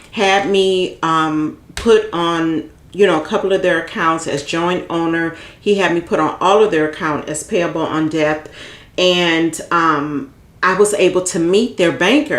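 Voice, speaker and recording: A woman vlogger giving casual, heartfelt planning advice, rambling and repeating herself as she talks. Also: on the low side. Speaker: vlogger giving end-of-life planning tips. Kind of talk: casual advice talk to camera. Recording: echoey room.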